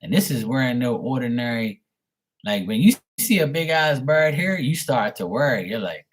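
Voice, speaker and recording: Animated and brisk, this man's mid-range voice carries his live tarot broadcast. He's from Bermuda, and in loose livestream chat he spins a meandering, foul-mouthed tale while answering viewers.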